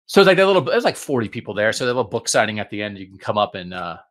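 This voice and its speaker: A middle-aged man hosting a podcast, chatting casually and acting out quotes with big swings in his voice. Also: very fast. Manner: animated storyteller, acts out quotes with big pitch swings. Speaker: podcast host. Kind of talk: casual chat.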